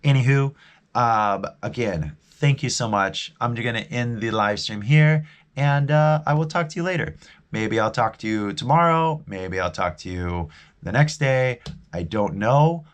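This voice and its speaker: A man's voice: mid-range voice, animated, a little slow. Rambling Californian man on a live stream. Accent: Californian American English. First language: English. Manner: rambling, restarts often, friendly sign-off. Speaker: language teacher and live streamer. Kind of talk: casual live-stream chat.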